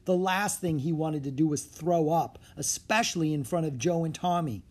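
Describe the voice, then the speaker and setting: An audiobook narrator reading a children's adventure aloud, steady and clear, shifting slightly into each character. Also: mid-range voice, normal speed. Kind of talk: storybook read-aloud.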